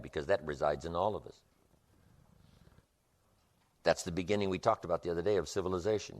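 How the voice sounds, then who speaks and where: A man's voice: low-pitched, expressive, brisk, pauses often, fairly bright tone. A man giving a motivational seminar lecture with an emphatic, repetitive rhythm. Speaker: motivational speaker.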